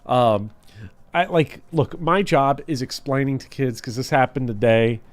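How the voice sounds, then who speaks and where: A man hosting a Let's Play, chatting and telling stories in a laughing, animated way. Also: mid-range voice, a little slow. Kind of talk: casual gaming commentary.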